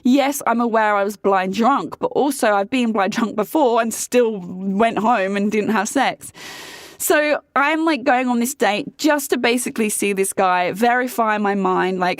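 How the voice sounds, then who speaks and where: A woman's voice: on the high side, a little slow, no room sound, clean studio sound. A young woman vlogger telling a candid, chatty story about her relationship, full of fillers and swearing. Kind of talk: casual storytelling to camera.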